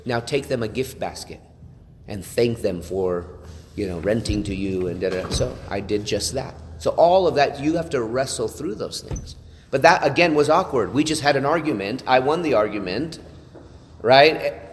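A man's voice: medium pitch, animated, normal speed, slight background noise. Earnest man telling a story in a reverberant hall. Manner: earnest storytelling with repeated restarts and "right?" asides. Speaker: church leader sharing testimony. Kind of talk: testimony talk to a church group.

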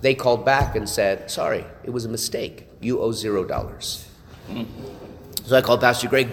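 A man's voice: medium pitch, moderate pace, in a large hall, a little hiss or hum. A man telling a church group an earnest personal testimony, with frequent restarts and asides of "right?". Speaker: church leader sharing testimony.

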